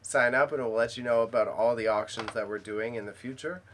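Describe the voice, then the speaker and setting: A man's voice: medium pitch, fast talker. Chatty man, faint room hum. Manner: loose, joking, rambling with fillers. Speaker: co-host of auction livestream. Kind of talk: casual livestream chat.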